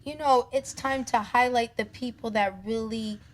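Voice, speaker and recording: A woman talking as a podcast guest in casual conversation, relaxed and earnest, laughing easily. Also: on the high side, normal speed, rough recording. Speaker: guest, cannabis company co-founder.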